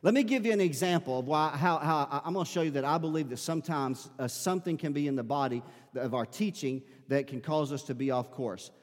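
In a church sanctuary, a male pastor preaches an earnest sermon, often repeating words as he presses a point. His fairly high voice is brisk, with hardly any pauses, and long hall reverb surrounds it.

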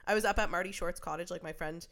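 A woman's voice: fairly low pitch, fast talker, fairly bright tone. Profane, laughing woman storyteller. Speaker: podcast co-host. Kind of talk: casual chat.

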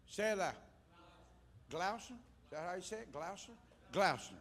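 A male evangelist preaching fervently at a church altar call, shouting one moment and coaxing quietly the next as he calls back and forth with the congregation. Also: sits high, expressive, brisk, background noise. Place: church service before a congregation.

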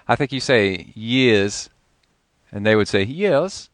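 Low-voiced, chatty male podcast host. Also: fairly bright tone, smooth, dry recording, studio quality. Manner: chatty, joking, laughs often. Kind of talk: casual interview chat. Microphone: Skype call.

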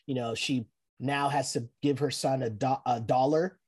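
A man co-hosting a podcast, quick to laugh and teasing his co-host playfully. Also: medium pitch, fairly even intonation, a little mellow, husky. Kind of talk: casual chat.

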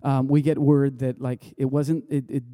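A man's voice: medium pitch, level tone, moderate pace, dark tone, no echo, clean studio sound. A man preaching a sermon, telling a personal story in a loose, conversational way with many restarts. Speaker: pastor.

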